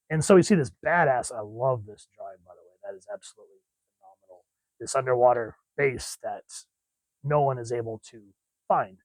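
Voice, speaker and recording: A man's voice: mid-range voice, a little fast, a little mellow, no room sound, rough recording. Enthusiastic rambling man with a dry sound. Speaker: comic book reviewer. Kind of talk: casual chat.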